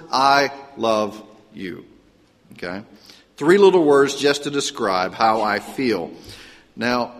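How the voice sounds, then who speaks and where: A male pastor giving a conversational sermon, telling stories with lively asides. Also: medium pitch, long reverb tail.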